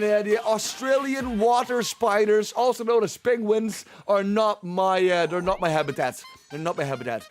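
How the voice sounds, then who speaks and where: A man hosting a livestream, chatting casually and rambling, often repeating himself as he talks to his chat. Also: sits high. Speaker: livestream host. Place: at home, streaming.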